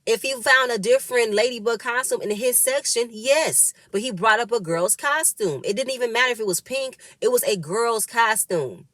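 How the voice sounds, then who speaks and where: A woman's voice: fairly high pitch, expressive, normal speed, hardly any pauses, fairly bright tone, no room sound, studio quality. A woman in casual recap chat about a reality show episode she was part of, talking emphatically and repeating words for stress.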